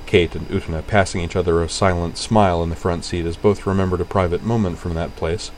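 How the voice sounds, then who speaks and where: A male narrator reads a novel aloud with a steady, descriptive delivery. His voice sits on the low side. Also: slight background noise, poor audio. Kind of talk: audiobook narration.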